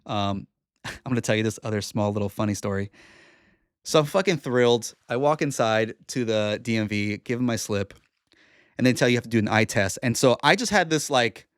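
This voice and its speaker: A man in his forties, talking at a middle pitch, hosts his own podcast and tells a story casually. He rambles and restarts often, and his animated voice sits close and dry in a small room. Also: a little fast, dry recording. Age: 40s. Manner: animated, rambling, with frequent fillers and self-corrections. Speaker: podcast host.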